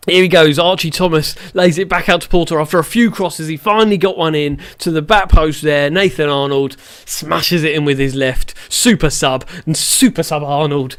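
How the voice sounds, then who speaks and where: Male let's-player, slightly high voice, reacts loudly to every play. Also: brisk, few pauses. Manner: excitable, shouts at the match, mutters in between. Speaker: gaming channel host. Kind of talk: live gameplay commentary.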